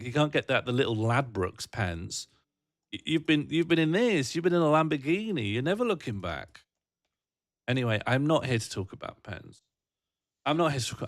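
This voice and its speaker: Lively British man rambling on stream. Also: mid-range voice, no room sound, studio quality. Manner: rambling, jokey and self-mocking. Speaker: livestream host. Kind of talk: casual chat reading viewer comments.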